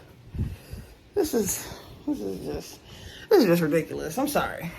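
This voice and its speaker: A woman's voice: measured pace, vocal fry, pauses often, a little hiss or hum, low-quality recording. A young woman chatting casually to camera at home, laughing at herself and joking as she goes. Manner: animated, laughing at herself, swooping high when teasing. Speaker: vlogger. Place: at home, moving between rooms.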